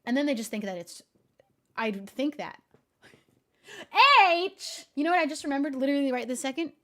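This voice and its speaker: A young woman talks casually to her stream viewers in a slightly high voice. She laughs often between stories and delivers jokes in a deadpan tone. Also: moderate pace. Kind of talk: casual chat.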